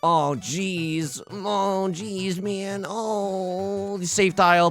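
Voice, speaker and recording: A man's voice: high voice, steady tone, very slow, fairly bright tone, soft background music. A young man giving casual live commentary over his own gameplay, self-mocking and prone to stammered restarts. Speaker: gaming YouTuber.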